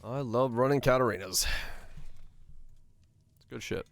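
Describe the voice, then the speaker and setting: A male streamer chatting through his gameplay in a raspy voice that is going hoarse, with a gravelly creak on his words. His commentary is loose, chatty and full of self-mocking asides. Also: mid-range voice, unhurried.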